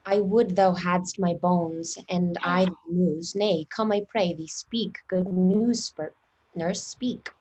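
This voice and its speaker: A woman's voice: lowish voice, fairly even intonation, takes it slowly, a little mellow. A woman reading the part of an eager young girl in love in a table read of a play, pleading and impatient.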